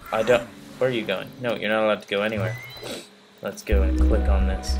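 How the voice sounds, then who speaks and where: A man giving playful, excitable live commentary on a video game he is playing, with joking mock-tough boasts. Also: fairly low pitch, fairly quick, a little hiss or hum, low-quality recording. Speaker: let's play gamer. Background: loud game music.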